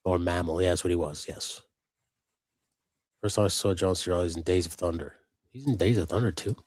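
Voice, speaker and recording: Low-voiced man rambling casually. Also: fairly quick, a little mellow, husky, no room sound. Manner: loose and rambling, swears a lot. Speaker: co-host of a live customizing stream. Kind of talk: casual chat.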